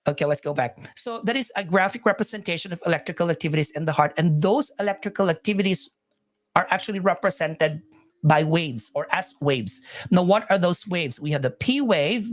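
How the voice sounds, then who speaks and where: A woman's voice: on the low side, expressive, brisk. A woman teaching nursing exam material live, repeating points, correcting herself and chatting with viewers.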